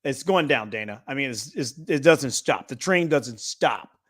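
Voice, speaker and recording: Energetic, playful man hosting a trading stream. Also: medium pitch, measured pace, breathy edge. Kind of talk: casual live-stream chat.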